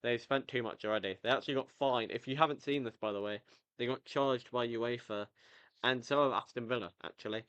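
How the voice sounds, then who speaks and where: A man's voice: medium pitch, brisk, a bit bright, clean tone, dry recording. A young man casually running through football transfer news on his own channel, chatty, with jokey asides and lots of ums and self-corrections. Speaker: football vlogger. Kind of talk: casual solo commentary on transfers.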